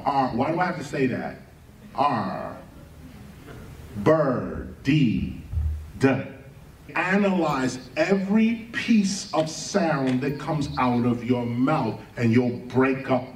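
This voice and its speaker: Guy lecturing slow and emphatic, lots of questions, spelling out words, mic kinda far, faint hum behind. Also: medium pitch, lively intonation. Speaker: speaker giving a talk. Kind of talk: rhetorical lecture. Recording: echoey room, far from mic, faint ambient noise.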